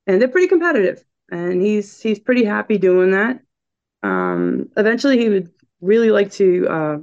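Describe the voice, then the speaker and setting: A woman guest with a regional American accent telling a story in casual chat, laughing and acting out quotes. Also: on the low side. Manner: chatty, laughing, quotes people in lively voices. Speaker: podcast guest. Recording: dull lo-fi sound.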